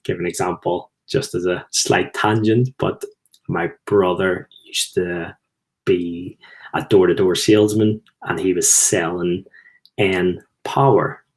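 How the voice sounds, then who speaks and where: A man's voice: sits low, steady tone, slow pace. A middle-aged man with a Belfast accent, telling rambling anecdotes in a casual talk to camera. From Belfast, Northern Ireland. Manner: rambling, anecdotal, chuckles at own stories. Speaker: host, former footballer.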